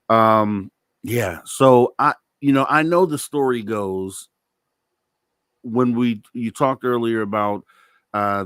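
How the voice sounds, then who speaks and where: Low smooth male radio host, dry close mic, easygoing interview chat. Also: no room sound. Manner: relaxed, affirming, lots of fillers. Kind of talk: casual interview.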